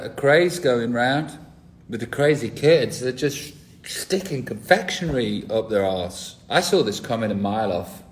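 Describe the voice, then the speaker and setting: A man, hosting a casual live stream, rambling and cheeky with crude jokes. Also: medium pitch. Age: 40s. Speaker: livestream host.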